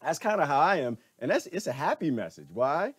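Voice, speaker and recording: Animated, laughing male vlogger ranting. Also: fairly high pitch, a little fast, husky, no echo. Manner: animated, laughs often, preachy, repeats himself. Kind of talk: ranting commentary monologue.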